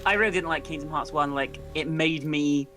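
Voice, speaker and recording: A woman's voice: low-pitched, brisk, over music, rough recording. A young woman co-hosting a game stream, ranting sarcastically about consoles. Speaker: co-streamer guest. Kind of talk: live gameplay chat.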